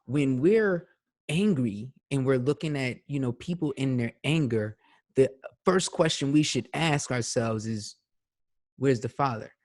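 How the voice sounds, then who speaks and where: A man's voice: medium pitch, a little slow, a little mellow. A man hosting a podcast, talking in a loose, conversational way and often checking in with his guest. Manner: conversational, leans on "you know what I'm saying". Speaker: podcast host. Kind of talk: casual interview chat.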